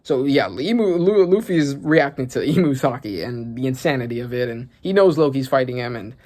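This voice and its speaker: A man's voice: mid-range voice, expressive, fairly quick, a little mellow. A man reading through a comic and reacting as he goes, thinking aloud and swearing when surprised. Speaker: manga reaction channel host. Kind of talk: casual reaction commentary.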